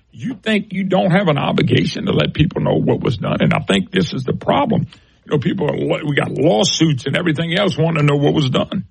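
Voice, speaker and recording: A man's voice: on the high side, vocal fry, breathy edge, dry recording, poor audio. A man hosting a talk show, giving emphatic, folksy commentary and speaking to listeners as folks.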